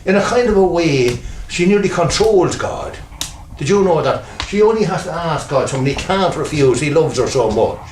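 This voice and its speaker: An older Irish farmer with a country accent, rambling through stories in a chatty, folksy way. His pitch rises and falls a lot as he talks. A faint hiss and some clicks sit under the recording. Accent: Irish, rural Meath. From Ireland. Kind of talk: casual documentary talk. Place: farmhouse, indoors.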